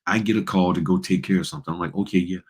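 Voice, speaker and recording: Husky low-voiced man hosting a livestream. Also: very fast. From Virginia. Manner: animated, preachy, slangy, talks to chat. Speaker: notary business coach and livestream host. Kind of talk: casual livestream talk. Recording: livestream from home studio.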